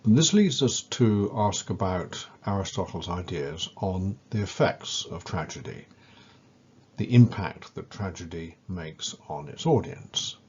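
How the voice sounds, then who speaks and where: A man with a very low, slightly husky, darkish voice gives a scripted educational lecture at an unhurried pace. He's expressive, speaking with measured weight and stressing key words, while the recording sounds a little dull and lo-fi.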